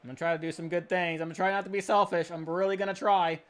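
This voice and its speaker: High-voiced, excitable male gamer. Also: rapid-fire, smooth. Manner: excitable, self-deprecating, talks to the screen. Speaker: gamer playing a hockey career mode. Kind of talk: excited let's-play commentary.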